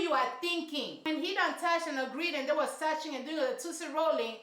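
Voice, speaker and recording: A woman's voice: sits high, moderate pace, hardly any pauses, a bit bright. A woman reviewing a reality show in casual, sassy, emphatic commentary full of slang. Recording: roomy echo.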